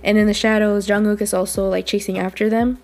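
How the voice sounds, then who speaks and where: A woman's voice: mid-range voice, little pitch movement, a little fast, darkish tone, soft background music. A woman, slightly under the weather, chatting casually in a rambling, self-deprecating way as she reviews a drama. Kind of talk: casual vlog recap.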